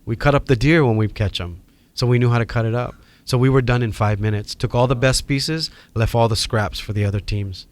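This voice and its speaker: Animated man telling a story. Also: medium pitch, a little fast, hardly any pauses. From Hawaii. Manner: animated, acts out quoted voices. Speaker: guest. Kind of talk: casual storytelling.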